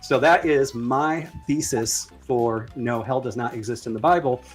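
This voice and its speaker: A man's voice: mid-range voice, a little slow, husky, faint music behind. A man hosting a casual religion discussion, speaking hesitantly with many fillers and restarts. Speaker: debate host.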